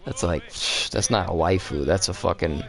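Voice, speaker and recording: Low-voiced young man rambling profanely. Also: normal speed, vocal fry. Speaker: streamer co-host. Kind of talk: casual chat while gaming.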